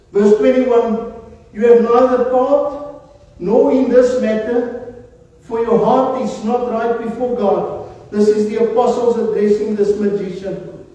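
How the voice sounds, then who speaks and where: A man's voice: very high-pitched, dark tone. A male pastor preaching a sermon in earnest, calling his listeners "beloved" again and again. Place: church hall. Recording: echoey hall from far off, dull lo-fi sound.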